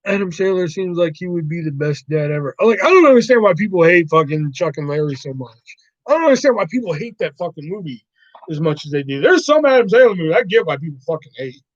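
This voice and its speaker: High-voiced man rambling on a stream. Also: big pitch swings, fast talker, dry recording, muffled recording. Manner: rambling, profane, laughs often. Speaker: livestream host. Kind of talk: casual livestream chat.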